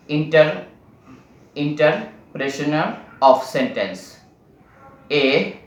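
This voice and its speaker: Male lecturer, slow and halting, reading notes with frequent restarts, echoey room. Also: mid-range voice, a bit bright, recorded from a distance. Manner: halting, many restarts and pauses.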